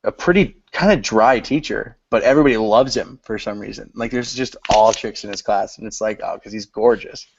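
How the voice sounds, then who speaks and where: A man's voice: lowish voice, a little fast, creaky, hardly any pauses, slight background noise. A young man co-hosting a podcast, chatting loosely about films in slang. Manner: loose slangy talk, says dude. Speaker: podcast co-host. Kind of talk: casual film discussion. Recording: dull lo-fi podcast audio.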